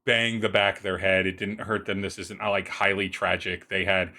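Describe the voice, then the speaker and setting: A man narrating a tabletop roleplaying session as game master. His voice sits fairly low, and he describes each scene in loose, halting sentences full of restarts. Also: level tone, pushed and bright.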